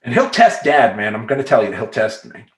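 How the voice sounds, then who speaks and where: A man's voice: mid-range voice, sing-song, a little fast. A middle-aged man coaching in a casual, emphatic vlog monologue full of streetwise slang. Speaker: life coach. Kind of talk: talking-head vlog monologue. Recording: roomy echoey room.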